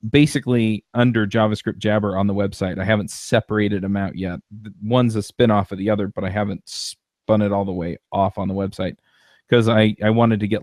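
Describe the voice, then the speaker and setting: A man's voice: on the low side, a little mellow, no room sound, studio quality. A man hosting a podcast, talking in a rambling casual way with many restarts and fillers. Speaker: podcast host. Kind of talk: casual chat.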